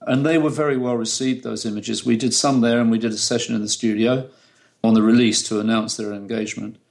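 Gravelly British photographer telling stories. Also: male voice, medium pitch, steady tone, brisk, darkish tone. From United Kingdom. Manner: chatty, laughs often while telling stories. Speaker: photographer, interview guest. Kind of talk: relaxed anecdotal storytelling.

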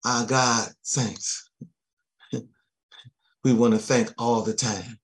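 A man preaching a sermon, chuckling often and dropping amens and soft thanks to Jesus between his points. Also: medium pitch, fairly even intonation, very slow.

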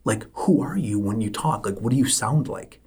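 A man's voice: mid-range voice, lively intonation, moderate pace, darkish tone, breathy edge. A middle-aged man hosting a solo podcast, talking emphatically and repeating his points for stress. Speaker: podcast host.

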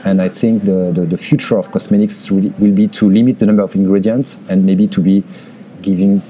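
A middle-aged man speaks English with a French accent. His voice sits very low and sounds deeply mellow and dark. He talks earnestly as a guest, often stalling and restarting mid-sentence. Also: fairly even intonation, a little hiss or hum, low-quality recording. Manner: earnest, halting, repeats words while searching for phrasing. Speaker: interview guest, cosmetics executive and pharmacist. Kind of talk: conversational interview.

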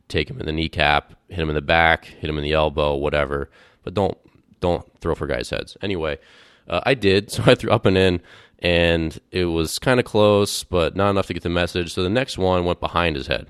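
Man, very low voice, smooth and resonant, casual rambling monologue, dry close mic. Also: dry recording. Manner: candid, rambling, with fillers and restarts. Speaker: podcast host.

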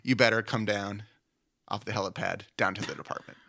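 A man's voice: lowish voice, steady tone, brisk, creaky, pushed and bright, heavily acted. A man voicing a breathless female charge nurse urgently calling a doctor down to the department.

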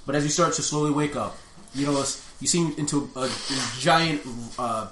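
A man's voice: a little high, normal speed, fairly bright tone, slight background noise. A man narrating a tabletop role-playing game as game master, loose and rambling, often laughing.

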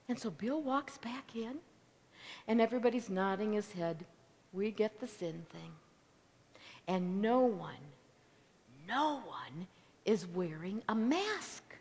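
A woman preaching a sermon as a story, swinging between loud declarations and hushed whispers. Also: mid-range voice, expressive, slow, pauses often. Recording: long reverb of a large hall.

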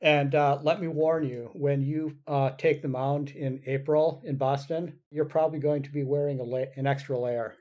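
A man's voice: a little high, steady tone, normal speed, hardly any pauses, darkish tone. A man hosting a podcast, asking questions in a chatty way and laughing easily. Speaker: podcast host. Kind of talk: casual podcast interview.

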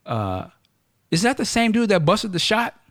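A man's voice: high-pitched, dry recording, studio quality. A man hosting a podcast in casual chat, joking and restarting his sentences as he goes. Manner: animated, joking, halting restarts. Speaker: podcast host.

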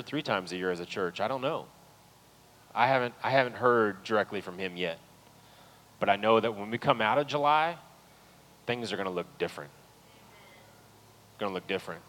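A man preaching a sermon as pastor in a church, talking earnestly to the congregation and building to loud, pleading peaks. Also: fairly low pitch, low-quality recording. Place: church sanctuary.

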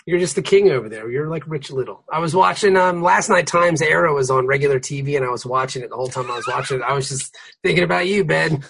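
A man in his thirties co-hosting a podcast, chatting casually in an animated, joking way. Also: fairly high pitch, fast, gravelly, a little hiss or hum. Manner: animated and joking, laughs often. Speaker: podcast co-host. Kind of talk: casual chat.

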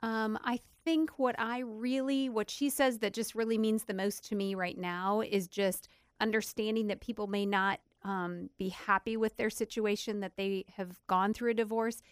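A woman's voice: medium pitch, fairly even intonation, moderate pace, clear, resonant tone, dry recording. A woman co-hosting a faith and business radio show, speaking reflectively in casual studio chat. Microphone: studio microphone.

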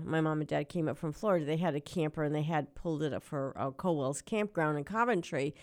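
A middle-aged woman hosting a local radio show, telling stories and ranting in a chatty, animated way. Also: lowish voice. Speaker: radio host.

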